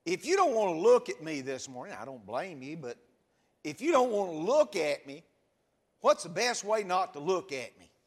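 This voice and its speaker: A man's voice: high voice, sing-song, moderate pace, breathy edge, in a large hall. A man preaching a sermon in a church, asking the congregation question after question with a rising and falling cadence. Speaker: pastor.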